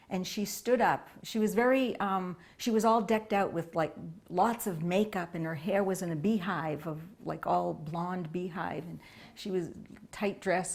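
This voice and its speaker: Woman telling lively anecdotes. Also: fairly low pitch, moderate pace, vocal fry. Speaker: devotee recalling memories. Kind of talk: reminiscing interview.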